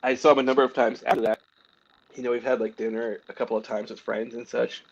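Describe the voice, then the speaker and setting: A man's voice: mid-range voice, fast, vocal fry, breathy edge, highs cut off. A man, a comic book artist, telling self-deprecating stories in a casual interview, acting out what others said and laughing at himself. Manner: animated anecdotes with lots of "like" and acted-out quotes; self-deprecating, frequent laughs and small coughs.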